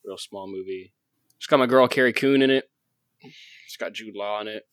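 A young man hosting a casual movie podcast, wry and self-mocking, halting with fillers as he introduces the film. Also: lowish voice, fairly bright tone, no echo. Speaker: podcast host.

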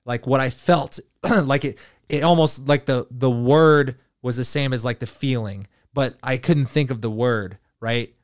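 A man's voice: medium pitch, measured pace, dry recording, clean studio sound. A man hosting a podcast, telling a rambling casual story full of fillers and swearing. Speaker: podcast host.

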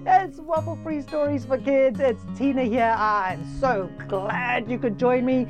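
A woman hosting and narrating a children's story in a playful, animated, giggly way. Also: high-pitched, measured pace, lo-fi sound, over music.

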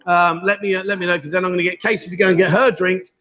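Hosting a bar livestream, this man talks fast in a high, bright, forceful voice with a level tone. He keeps up casual, teasing chat with his guests, heard through dull, lo-fi stream audio.

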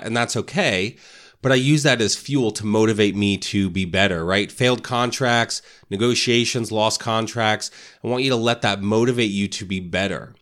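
A man hosts a real estate podcast, giving realtors a motivational talk in a casual style and often tagging "right?" onto his points. His voice is fairly low in pitch with a slightly bright quality.

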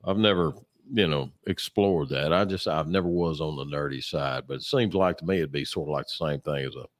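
A man chatting as a co-host, telling stories in a rambling way with lots of fillers and throat clearing, sore and a bit sluggish. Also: a bass voice, fairly quick. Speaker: podcast co-host. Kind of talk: casual chat.

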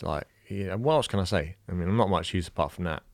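A young Irish man with a low, deep voice recounts a personal story, halting and emotional, often restarting his sentences. The recording is close and dry, with no room sound. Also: no echo. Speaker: new father telling a birth story.

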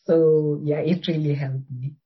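South African woman podcast host, very husky, low-ish voice, lively and laughing, muffled remote line. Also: measured pace. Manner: laughs often, animated. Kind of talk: casual chat.

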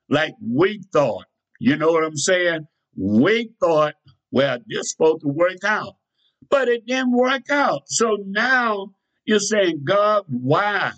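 A man preaching a sermon in a folksy, repetitive style with sudden bursts of shouting. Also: fairly high pitch, highs cut off. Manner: folksy, repeats phrases for emphasis.

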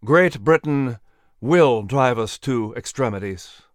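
A man doing a solemn colonial orator in a historical audio drama, mid-pitched and measured. He speaks with weighty, rhetorical conviction, recorded close and dry. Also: lively intonation, no room sound. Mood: grave. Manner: solemn, then impassioned rhetoric. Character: grave, fiery colonial orator and statesman.

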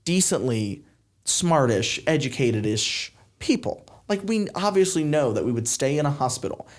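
A man's voice: mid-range voice, normal speed. A man, a podcast guest, telling a story in casual chat with emphatic bursts and mock dialogue. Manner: animated, quotes himself and others in mock dialogue.

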